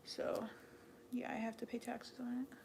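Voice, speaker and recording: A woman's voice: on the high side, flat delivery, normal speed, creaky, darkish tone, a little hiss or hum. A young woman chatting casually on a livestream, thanking donors and joking with a dry, sarcastic edge. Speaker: live streamer. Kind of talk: casual livestream chat reading donations.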